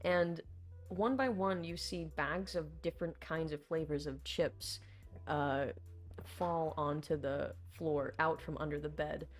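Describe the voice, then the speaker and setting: A woman with a deep voice plays a tabletop game, chatting casually in character at a measured pace with fairly even intonation. She sounds hesitant, hedging with many fillers, while soft music plays in the background.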